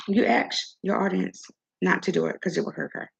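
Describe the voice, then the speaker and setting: In a dull, lo-fi recording, an older woman hosting an opinion vlog speaks in a fairly low, creaky voice with a breathy edge. She's sassy, directing her criticism right at her target.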